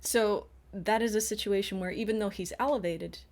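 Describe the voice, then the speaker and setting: A woman's voice: mid-range voice, moderate pace. A middle-aged woman co-hosting a podcast, telling a personal story in an earnest, casual way with frequent restarts. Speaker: podcast co-host.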